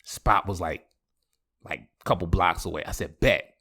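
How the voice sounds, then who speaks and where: A man hosting a podcast, telling a comic personal story in slangy, animated talk. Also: low-pitched, moderate pace, slightly rough. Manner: animated, slangy, laughing asides. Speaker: podcast host. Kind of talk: comedic storytelling.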